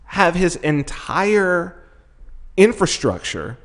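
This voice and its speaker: A man co-hosting a podcast in casual chat, talking excitably with swearing and many restarts. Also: high-pitched, slow, gravelly. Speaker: podcast co-host.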